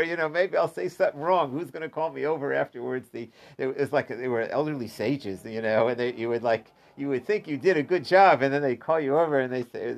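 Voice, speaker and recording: A man's voice: a little high, creaky. Chatty teacher, man. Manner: chatty, digressive, chuckles often. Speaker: Talmud teacher. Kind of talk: casual Talmud class.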